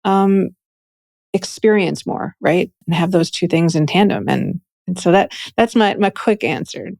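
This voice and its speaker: Chatty, lively woman, low-pitched voice. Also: a little slow, vocal fry, no echo, clean studio sound. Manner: enthusiastic, chatty, frequent "like" and "right?". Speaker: guest, Akashic Records reader and teacher. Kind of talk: casual interview conversation.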